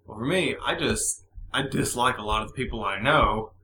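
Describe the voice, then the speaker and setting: Young man, podcast host, sardonic, profane, bright tone, roomy echo. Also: mid-range voice, moderate pace, a little hiss or hum. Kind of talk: casual chat.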